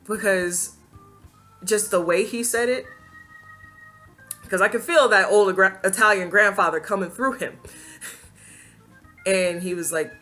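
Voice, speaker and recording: A woman vlogger hosting her own channel, telling a personal story to camera in a casual, expressive way, laughing often and acting out what people said. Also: medium pitch, a little slow, long pauses, soft background music.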